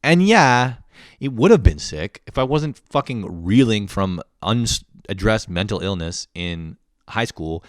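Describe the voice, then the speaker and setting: A man's voice: fairly low pitch, unhurried, dry recording, clean studio sound. A young man ranting comedically, swearing a lot and laughing often. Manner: profane, animated, laughs often. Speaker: host. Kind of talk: comedic monologue rant.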